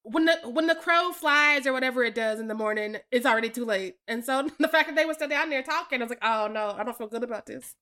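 A woman's voice: high-pitched, fast, hardly any pauses. A woman co-hosting a podcast, chatting casually about a film, laughing often and quoting her own reactions. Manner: laughs often, relaxed storytelling with quoted reactions. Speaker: podcast co-host. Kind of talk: casual chat reviewing a film.

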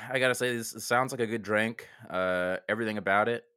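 Low-voiced man in dry, close podcast banter. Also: pushed and bright, clean tone, dry recording. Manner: halting, self-deprecating, full of restarts. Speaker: co-host. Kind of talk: casual comedic podcast chat.

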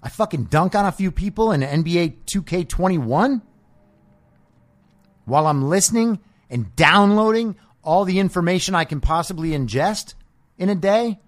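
Animated, combative male podcast ranter. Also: high-pitched, normal speed. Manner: combative, sarcastic, profane ranting. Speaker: podcast host. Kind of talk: political commentary monologue.

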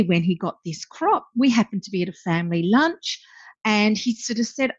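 A woman's voice: medium pitch, fairly quick, slightly rough, dry recording. A woman guest, a brand founder, telling her story with animation, acting out what people said, with frequent ums. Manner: lively, acts out quoted voices, frequent ums. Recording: dull lo-fi dry sound.

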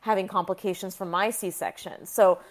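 A woman's voice: medium pitch, steady tone, normal speed. A woman physician, in her thirties, telling a personal story frankly and emotionally, often restarting her sentences. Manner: frank and emotional, with frequent restarts and some profanity.

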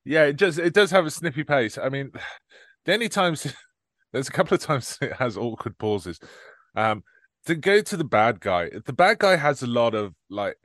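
A man's voice: mid-range voice, big pitch swings, normal speed, fairly bright tone, no echo, studio quality. A man co-hosting a film podcast from home, chatting casually and laughing often as he rattles off titles. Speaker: podcast co-host. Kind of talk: casual film-review chat. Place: remote recording, apart from co-host.

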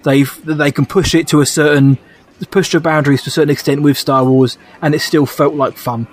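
A man's voice: fairly high pitch, fairly even intonation, fairly quick. A man co-hosting a podcast in casual, enthusiastic chat, often laughing. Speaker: podcast co-host.

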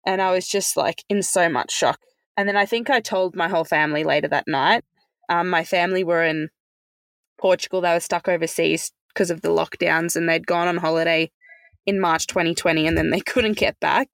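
A woman chats through a personal story as a podcast guest, loose and full of "like" and "um". Her voice has a gravelly, creaky edge. The recording is dry and close. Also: lowish voice, fairly even intonation, normal speed, no room sound. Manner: chatty, many fillers like "like" and "um". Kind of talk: casual conversational storytelling.

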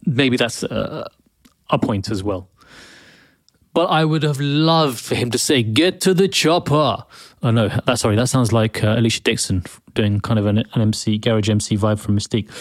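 A man's voice: mid-range voice, dry recording, studio quality. A man hosting his own podcast, talking in a rambling, chatty monologue full of restarts and self-corrections. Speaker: podcast host. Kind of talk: casual solo monologue.

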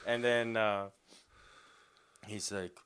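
A young man co-hosting a casual podcast, his low voice smooth and bright. He rambles through stories with a stream of fillers and false starts. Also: flat delivery, extremely slow. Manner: rambling, many fillers and restarts, laughs a lot. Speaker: podcast co-host.

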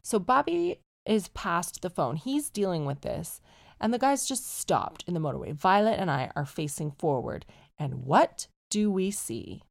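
Chatty woman with a lower voice. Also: unhurried, vocal fry. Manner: chatty, animated, swears casually. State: ill. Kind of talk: casual storytelling chat.

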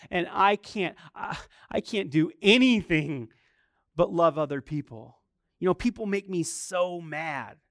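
A middle-aged pastor preaches a sermon in an animated, emphatic way, mixing chatty restarts with rising bursts of force. His voice is a little high, and the clean studio sound has no room sound.

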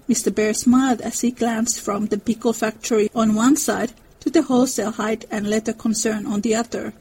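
A woman giving an expressive dramatic reading of a classic novel, narrating and voicing the characters. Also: on the high side, fairly quick, few pauses, a little hiss or hum, rough recording. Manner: expressive storytelling.

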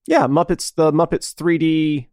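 A man's voice: a little high, measured pace, darkish tone, no room sound, studio quality. A man co-hosting a casual podcast chat, rambling and enthusiastic, swearing now and then. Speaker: podcast co-host.

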